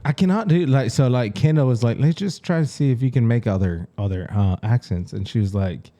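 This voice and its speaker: Male podcast co-host, warm and dark tone, laughing anecdote teller. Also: mid-range voice, brisk. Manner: animated storyteller, laughs often, acts out quotes. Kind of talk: casual chat.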